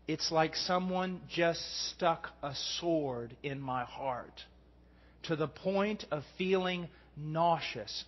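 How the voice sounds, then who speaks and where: A middle-aged man preaching a sermon, earnest, swinging from hushed tones to shouting. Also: on the high side. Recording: dull recording in a long-reverb hall.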